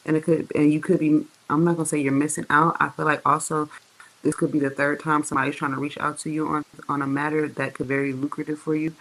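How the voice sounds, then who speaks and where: A tarot reader giving a casual, profane reading in slang, talking straight to the viewers and drawing words out slowly for emphasis. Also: mid-range voice, little pitch movement, a bit bright, low-quality recording. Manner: slangy, profane, chatty, addresses viewers directly.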